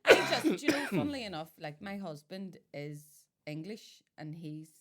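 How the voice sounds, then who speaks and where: A woman hosts a podcast with a bright, sharp-edged voice. She trades blunt, sweary banter in a relaxed chat. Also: fairly low pitch, moderate pace. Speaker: podcast host. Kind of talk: casual chat.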